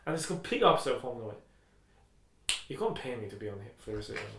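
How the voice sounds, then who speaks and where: On a podcast, a young man co-hosts with a loose, crude manner, chatting casually and swearing a lot. His mid-range voice is animated and quick, and the echoey room adds background noise.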